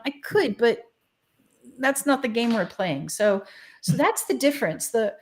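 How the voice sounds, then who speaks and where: A woman's voice: on the high side, sing-song, measured pace. A woman guest in a casual interview, speaking frankly and animatedly and laughing often. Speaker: guest, spiritual channeler.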